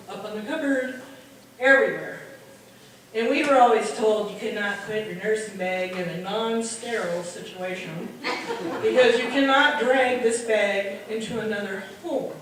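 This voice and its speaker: Animated Midwestern woman in an echoey hall. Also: medium pitch, moderate pace. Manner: animated, acts out voices of people in her stories. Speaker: nurse telling comic stories. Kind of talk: stand-up comedy storytelling. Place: party hall, heard from far off. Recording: distant echoey hall recording with noise.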